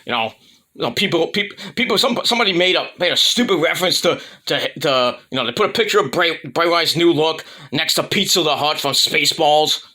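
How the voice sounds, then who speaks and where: A man's voice: fairly high pitch, lively intonation, fairly quick, sharp tone. A man giving a casual, rambling solo review rant about wrestling, full of fillers and restarts, blunt and irreverent.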